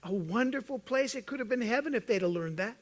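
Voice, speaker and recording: High-voiced preaching man, emphatic. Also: lively intonation, fast talker. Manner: earnest, swings from loud emphatic urging to soft low intensity; jokes with the congregation. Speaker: pastor. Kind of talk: sermon.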